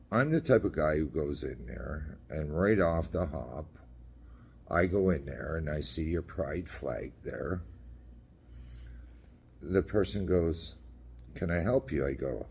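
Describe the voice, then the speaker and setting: A man rambles through a blunt, profane rant, circling back on the same points. His voice sits very low and dark, with a husky, rough edge. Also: lively intonation, takes it slowly. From Canada. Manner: blunt, profane, repetitive storytelling. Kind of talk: casual rant monologue.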